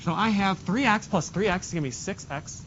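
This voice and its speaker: A high-voiced man with a fairly bright tone speaks at a moderate pace while teaching math, talking students through each step and slipping in jokes. It's a classroom lesson captured on a dull, lo-fi recording with faint hiss.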